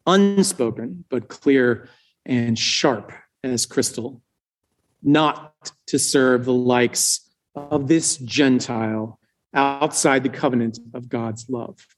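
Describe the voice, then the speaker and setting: A male preacher retelling a scripture story as a slow, dramatic sermon with long pauses. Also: medium pitch.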